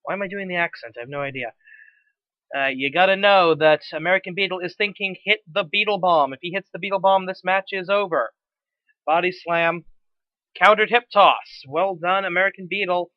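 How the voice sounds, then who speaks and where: A man calling a wrestling game match play by play, excitable and quick to correct himself. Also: sits high, no room sound, lo-fi sound. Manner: excitable, self-correcting, swears at slips. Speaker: play-by-play commentator.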